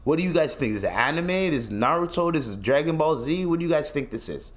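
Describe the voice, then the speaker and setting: A man's voice: on the high side, fast talker. Blunt, ranting young man podcaster. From Canada. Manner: animated, blunt, profane ranting with frequent restarts. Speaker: podcast host. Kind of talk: casual solo commentary.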